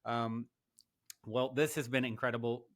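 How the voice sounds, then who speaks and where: A male podcast host speaking softly and warmly affirming his guest. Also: medium pitch, steady tone, unhurried. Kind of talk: interview chat.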